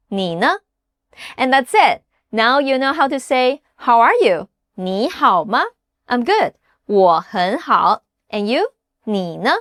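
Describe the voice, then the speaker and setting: Female language teacher, lively pitch, unhurried delivery, patient repeat-after-me drills. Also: dry recording, studio quality. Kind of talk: scripted language lesson.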